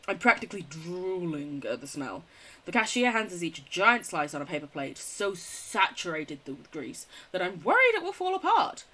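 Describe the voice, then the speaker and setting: A young British woman streams a game, reading its text aloud and chatting with her viewers between lines, giggling a lot and swearing casually. Her voice is fairly low yet pushed and bright, with a sing-song lilt at normal speed.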